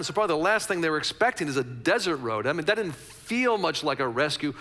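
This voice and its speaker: A man's voice: a little high, bright, forceful tone, in a large hall. A man preaching a conversational sermon as a pastor, repeating phrases for emphasis.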